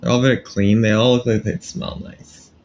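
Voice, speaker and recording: A man's voice: medium pitch, little pitch movement, normal speed, darkish tone, dull audio, a little hiss or hum. A man co-hosting a casual podcast, chatting in a rambling, jokey way full of fillers and restarts. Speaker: podcast co-host.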